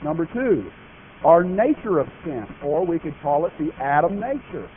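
A man's voice: on the high side, big pitch swings, moderate pace. A man preaching a sermon, speaking emphatically and asking his congregation questions. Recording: tinny phone-like broadcast audio with faint noise.

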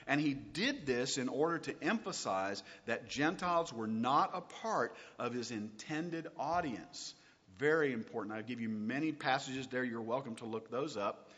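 A man teaching a recorded Bible lesson, asking his listeners questions and reading verses out slowly and with weight. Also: a little high, big-room sound, highs cut off. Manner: lively, asks rhetorical questions, reads scripture slowly.

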